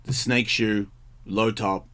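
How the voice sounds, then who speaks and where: A man's voice: lowish voice, steady tone, slow pace, sharp tone. A man hosting a radio talk show, chatting loosely and swearing freely, often mimicking people in exaggerated voices. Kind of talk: casual studio banter. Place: radio studio.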